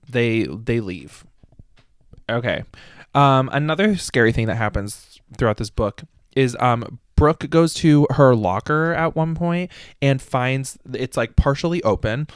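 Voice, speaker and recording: A man's voice: mid-range voice, lively intonation, takes it slowly, smooth, no room sound. A man recapping a book casually on a podcast, rambling and swearing, laughing at the silly plot. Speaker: podcast host.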